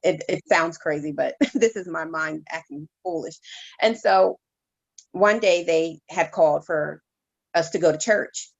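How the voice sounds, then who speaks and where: Gravelly-voiced woman giving heartfelt testimony. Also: sits low, lo-fi sound. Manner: halting, heartfelt storytelling with many restarts. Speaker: reverend giving her testimony as interview guest. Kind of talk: emotional personal testimony.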